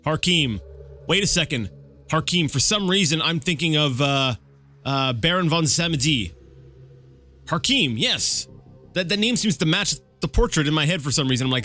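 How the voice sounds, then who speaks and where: Rambling man with a lively voice. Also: on the high side, normal speed, pauses often, faint music behind. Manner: rambling, thinks aloud, self-correcting. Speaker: let's play gamer. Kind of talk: casual game commentary.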